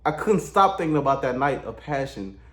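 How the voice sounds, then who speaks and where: A man's voice: mid-range voice, animated, brisk, fairly bright tone. Laid-back slangy man in an echoey room. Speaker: comedic storyteller. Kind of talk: crude comedic storytime. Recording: echoey room with faint music.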